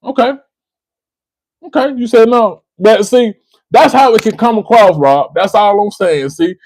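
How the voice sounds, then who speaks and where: A man's voice: high-pitched, measured pace, a little mellow, no echo, poor audio. A man from the United States hosting a livestream, giving impassioned commentary, repeating phrases for emphasis and speaking to a listener by name. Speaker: livestream host.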